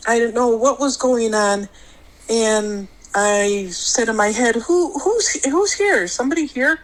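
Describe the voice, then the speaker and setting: Rambling middle-aged woman telling a story. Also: rough recording. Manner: rambling, full of restarts, jumps high when quoting others. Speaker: guest recounting an experience. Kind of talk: personal storytelling on a podcast.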